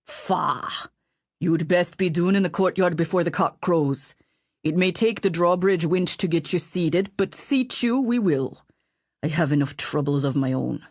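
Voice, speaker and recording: Woman doing a gruff butler. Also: lowish voice, unhurried, darkish tone, no room sound, clean studio sound. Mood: scolding. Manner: blunt, scolding. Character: gruff sardonic male butler, bossy.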